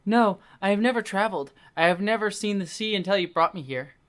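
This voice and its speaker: Earnest young foreign woman, halting and lilting, bright tone, done by a man. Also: high-pitched, animated, clear, resonant tone, pitched above the performer's own voice.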